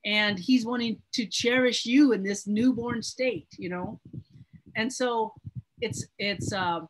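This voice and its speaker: Woman Bible teacher, husky, higher voice, earnest and emphatic. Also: slow pace, rough recording. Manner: earnest, emphatic, repeats words. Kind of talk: teaching a Bible study class.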